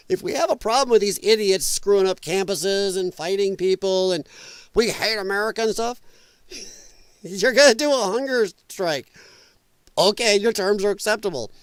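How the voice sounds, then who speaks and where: A man's voice: high-pitched, animated, normal speed, smooth, dry recording. A man with heavy, audible breathing hosts a casual commentary show. He mocks freely and laughs at his own asides. His voice is dry and close to the mic. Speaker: host.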